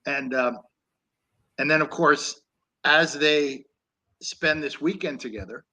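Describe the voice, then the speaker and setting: Bright-voiced man chatting about films. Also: fairly high pitch, slow pace, low-quality recording. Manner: rambling, with many restarts and laughs. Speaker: co-host. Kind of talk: casual film discussion.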